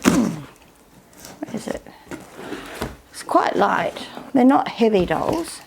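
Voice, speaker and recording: A woman, chatting casually through an unboxing in a rambling, unhurried way. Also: on the high side, expressive, vocal fry, very noisy. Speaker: vlogger.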